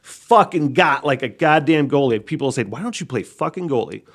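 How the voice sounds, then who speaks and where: A man talks through his own podcast in a loose, unscripted monologue that is full of swearing. He laughs often and jumps between sudden loud outbursts and low muttering. His voice sits at a mid pitch for a man. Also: animated, normal speed. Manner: profane, rambling, laughs often, swings loud to quiet. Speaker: podcast host. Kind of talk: casual solo podcast monologue.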